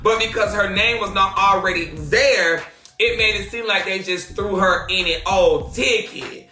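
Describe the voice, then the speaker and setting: A man hosting celebrity gossip commentary, sassy and animated, breaking into shouts and laughter. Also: high-pitched, measured pace. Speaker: host of a celebrity gossip show. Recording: roomy echo, faint music behind.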